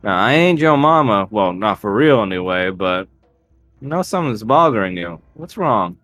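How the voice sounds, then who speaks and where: A man's voice: fairly low pitch, big pitch swings, normal speed, a bit bright, dry recording, faint music behind. A man voicing a sly, coaxing older woman of the bayou who sniffs at strangers and eats people. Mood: knowing.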